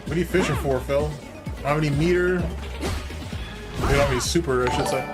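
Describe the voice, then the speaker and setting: A man hosting a live stream, reacting to gameplay clips with animated, laughing trash talk. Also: a little high, a little fast, loud music behind the voice. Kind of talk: casual live-stream commentary.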